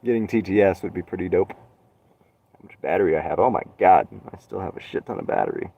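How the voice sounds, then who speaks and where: A young man rambling on a solo live stream from his van, sarcastic and swearing, with dark jokes. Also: low-pitched, fairly quick, gravelly, dull audio. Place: inside a van. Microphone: phone.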